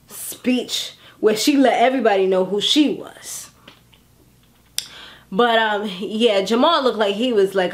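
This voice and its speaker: A woman in her thirties casually recapping a TV episode in a chatty, animated way, acting out characters' lines as she goes. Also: medium pitch. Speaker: TV recap vlogger. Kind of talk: casual chat.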